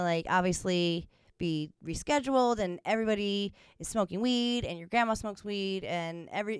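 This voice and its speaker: Young woman co-host, loose giggly chatter, crisp voice, dry room. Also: mid-range voice, no echo. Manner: rambling, giggly, lots of fillers. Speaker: podcast co-host. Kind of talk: casual chat.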